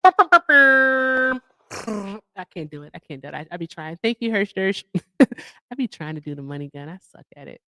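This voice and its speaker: A woman's voice: mid-range voice, very animated, normal speed, pauses often, pushed and bright, dry recording, studio quality. A woman hosting a livestream in casual chat, chatty and effusive as she thanks her viewers. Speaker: livestream host.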